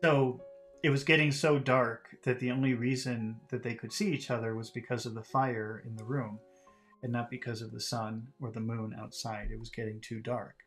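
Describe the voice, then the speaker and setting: An English teacher reads a novel aloud and explains its vocabulary in a relaxed way, full of fillers and restarts. His voice is medium-pitched at normal speed, with faint music in the background.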